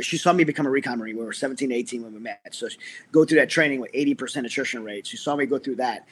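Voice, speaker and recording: Fast-talking earnest middle-aged man. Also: mid-range voice, a bit bright, slightly rough. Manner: earnest, fast, with many restarts. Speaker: guest, military veteran. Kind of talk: personal story in an interview.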